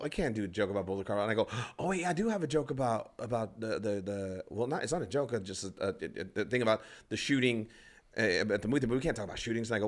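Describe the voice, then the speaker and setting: Man, low voice, fast-talking, comedian telling a rambling story, acts out the voices of other people, swears a lot. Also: fairly bright tone. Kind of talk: casual podcast storytelling.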